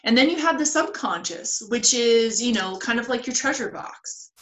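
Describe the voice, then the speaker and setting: A woman's voice: on the high side, animated, moderate pace, fairly bright tone. Woman podcast host in an echoey room. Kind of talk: casual spiritual podcast chat. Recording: roomy echoey audio.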